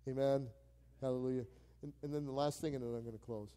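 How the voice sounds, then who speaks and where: A man, a pastor, preaching a sermon in a church with animated delivery, repeating key phrases for emphasis and acting out quoted conversations. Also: mid-range voice, quick pace. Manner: acts out quoted phone calls with playful voices.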